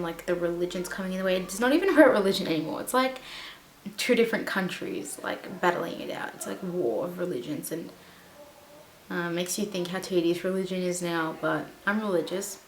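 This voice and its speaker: A woman's voice: fairly low pitch, normal speed. A woman vlogger chatting casually about a TV show, rambling with lots of fillers and restarts. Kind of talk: casual chat. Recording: echoey room with faint hiss.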